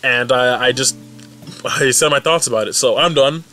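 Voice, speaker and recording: A young man casually recapping and reacting to a webcomic update, rambling and excitable with many restarts. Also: mid-range voice, normal speed, soft background music. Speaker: fan recap vlogger.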